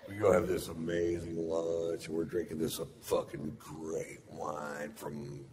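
A man's voice: a bass voice, little pitch movement, unhurried, darkish tone. A middle-aged man doing stand-up comedy, telling a profane story in a drawling, rambling way from a theater stage. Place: large theater stage with audience. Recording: live theater recording with long reverb.

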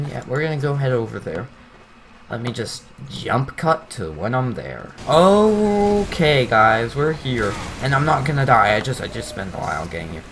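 A young man giving casual, rambling commentary over his own gameplay, teasing himself and breaking into excited outbursts. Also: medium pitch, slight background noise.

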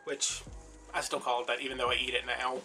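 A man's voice: mid-range voice, flat delivery, brisk, sharp tone. A man telling a rambling, chatty story with lots of fillers while he works on a craft project. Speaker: craft vlogger. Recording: mic at a distance with clear background music.

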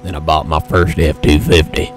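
Boastful male truck-commercial pitchman, very deep and crude. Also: level tone, normal speed, faint music behind. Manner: crude, swaggering sales pitch.

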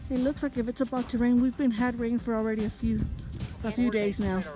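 Chatty woman vlogging outdoors over loud music. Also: on the high side, level tone, a little fast. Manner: chatty, addresses viewers as guys and y'all. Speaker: homestead vlogger and mother. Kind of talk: casual vlog walk-through. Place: outdoors on a rural homestead. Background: loud background music.

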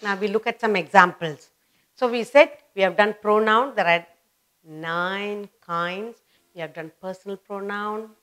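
Lady teaching grammar to beginners, super slow, says everything twice. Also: medium pitch, fairly bright tone. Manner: repeats words and phrases slowly for emphasis.

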